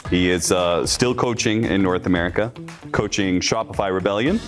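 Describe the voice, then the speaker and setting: A man's voice: low-pitched, moderate pace, over music. A man hosting a trivia quiz with players, upbeat and encouraging. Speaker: quiz host.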